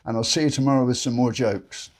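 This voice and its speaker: Speaking fast in a steady, mid-range voice, a daily joke show host tells jokes to camera casually, with a chatty, folksy storytelling manner.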